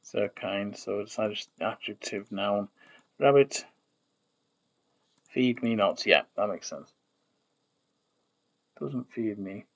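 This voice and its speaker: A man with a creaky, low-side voice talks at a slow pace, leaving long pauses. Working on an invented language during a stream at his desk, he thinks aloud and mutters, trailing off and correcting himself. Keyboard clicks and typing fill the background.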